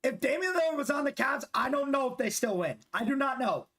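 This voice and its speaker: Very high-voiced, animated, and brisk, his delivery sounds pushed and bright. He's a gaming streamer in his twenties, bantering loosely and profanely with teammates while streaming a basketball video game.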